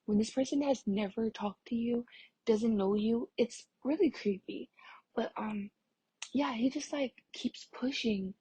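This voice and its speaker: A woman's voice: on the high side, unhurried, dark tone, no room sound. A young adult woman telling a rambling storytime on her vlog, full of "like" fillers, sometimes dropping to a whisper. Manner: rambling, filler-heavy, lots of "like"; drops into a breathy whisper at times. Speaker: vlogger. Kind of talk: casual storytime.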